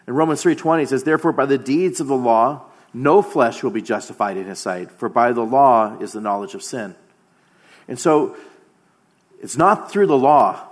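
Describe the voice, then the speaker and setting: A man in his thirties preaching a sermon as pastor, earnest, often slowing down and dropping to a quiet voice for emphasis. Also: medium pitch. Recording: long hall reverb.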